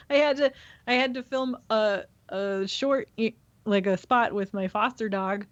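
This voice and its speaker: A woman co-hosting a podcast in casual chat, relaxed and self-deprecating. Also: mid-range voice, a little slow, no echo, highs cut off. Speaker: podcast co-host.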